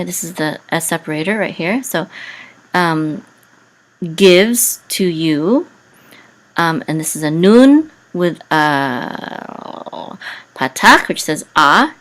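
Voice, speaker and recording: Her tone fairly bright, a woman gives a casual, halting lesson in Hebrew reading and chant, with lots of fillers. When she reaches the words, her voice lifts into a higher sung tone.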